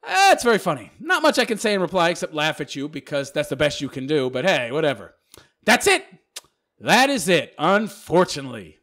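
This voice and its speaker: A channel host reacting to viewer comments in a sarcastic, mocking manner, laughing often. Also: male voice, a little high, big pitch swings, brisk, hardly any pauses, fairly bright tone.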